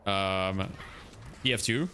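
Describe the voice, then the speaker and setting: A man's voice: low-pitched, slow, sharp tone, slight background noise. A man streaming a game and coaching a team, joking and laughing as he chats with viewers and a co-caster. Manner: joking, laughs often, reads out donations. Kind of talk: casual gaming stream chat.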